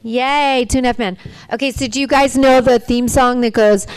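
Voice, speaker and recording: Chatty woman with a smooth, fairly high voice. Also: fairly even intonation, normal speed, dry recording. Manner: chatty, playful, jumps between voices. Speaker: voice actor on a convention panel. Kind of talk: casual panel talk answering fan questions. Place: convention hall panel room. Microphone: handheld microphone.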